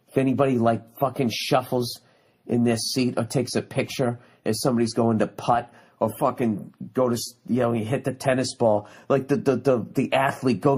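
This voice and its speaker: A man in his forties hosts his own podcast, his medium-pitched voice slightly rough and a little mellow. Alone on the mic, he tells a story in a heated, profane rant.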